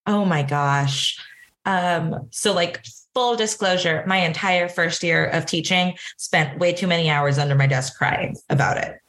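Lively young woman telling classroom stories. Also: on the low side, measured pace. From Southern California. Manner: laughs often, animated storytelling with acted quotes. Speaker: band director guest. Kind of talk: casual interview chat.

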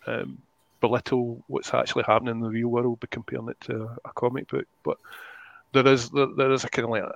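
A man's voice: medium pitch, level tone, quick pace, vocal fry, no echo, dull audio. A man who is a guest creator, talking in a rambling, casual way on a podcast and often searching for his words.

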